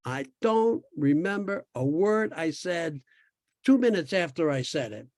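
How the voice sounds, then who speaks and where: An elderly man in his eighties, from New York, talks in a rather high voice. He tells long, winding stories with restarts and the odd laugh, recorded dry and close with no room sound. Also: big pitch swings, a little slow, darkish tone, no room sound. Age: 80s. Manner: rambling storyteller with restarts and laughs. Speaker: podcast guest sharing his experience. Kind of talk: casual conversation.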